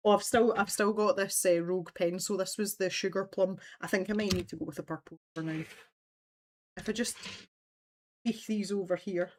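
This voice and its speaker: A woman's voice: medium pitch, fairly even intonation, normal speed, a little mellow, a little hiss or hum. A woman with a Scottish accent hosting a casual livestream from home, talking in a rambling, chatty way and laughing often. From Scotland. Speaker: livestream host.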